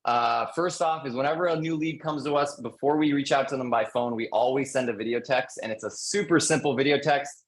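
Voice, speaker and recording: A man who is a real estate agent, presenting call scripts on a panel webinar in an energetic coaching manner, repeating his key points. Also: mid-range voice, brisk, few pauses, rough recording.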